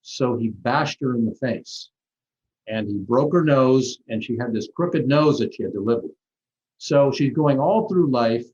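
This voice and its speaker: A man's voice: medium pitch, animated, unhurried, a little mellow. Man telling stories in a dull lo-fi recording. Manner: rambling, with frequent restarts and light laughs. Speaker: plastic surgeon guest. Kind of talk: conversational interview storytelling. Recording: dull lo-fi audio.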